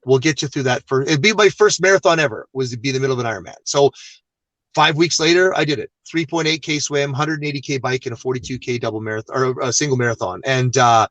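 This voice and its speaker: A man, a guest on an interview show, telling a long personal story in a casual, animated and self-deprecating way. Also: medium pitch, fast talker, dry recording, muffled recording.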